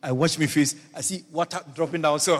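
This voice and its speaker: A middle-aged man from Ghana with a Ghanaian accent, a bishop preaching a sermon built on a personal story, animated, laughing often and breaking into shouts. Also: fairly high pitch, a little fast. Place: church hall. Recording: church hall reverb, faint music.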